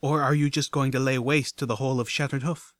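A man's voice: mid-range voice, level tone, fast talker, fairly bright tone, no room sound, close to an everyday voice. A man voicing an earnest, grieving female unicorn pony healer who pleads and reproaches. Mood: desperate.

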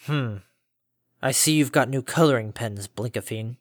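A man's voice: medium pitch, normal speed, no echo, studio quality, lightly acted. A man voicing a stern old male pony farmer in a storybook reading, speaking with a scratchy, lethargic drone and formal curtness. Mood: droning. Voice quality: scratchy, droning.

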